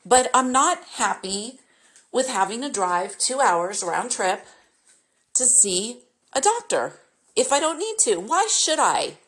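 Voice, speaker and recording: A woman's voice: fairly high pitch, very animated, slow pace, a bit bright. A middle-aged woman from California hosting a podcast, venting her frustration in an emphatic, exasperated rant. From California, United States. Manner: exasperated, emphatic, repetitive complaints. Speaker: podcast host.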